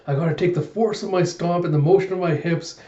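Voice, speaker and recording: A man voicing an excitable little girl in a manga, high and squeaky. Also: a little slow. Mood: determined. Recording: echoey room, dull sound.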